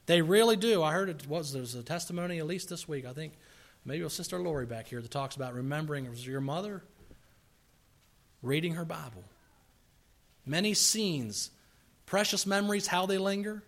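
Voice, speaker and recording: A man preaching a sermon in a church service, earnestly pleading with and exhorting his congregation, rising to forceful emphasis. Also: a little high, a little fast.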